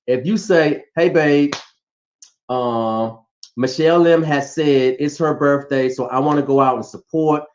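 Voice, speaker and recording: A man's voice: fairly high pitch, steady tone, a little slow, a little mellow, a little hiss or hum. A man talking animatedly and teasingly in a casual chat about relationships, giving advice with playful emphasis. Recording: dull lo-fi sound.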